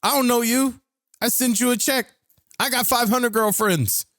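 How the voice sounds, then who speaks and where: A man's voice: extremely high pitch, fairly bright tone, dry recording, studio quality, voice pushed up. A man mimicking a brash male romance scammer who dismissively brags and rants. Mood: scoffing. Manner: rapid boastful dismissive rant.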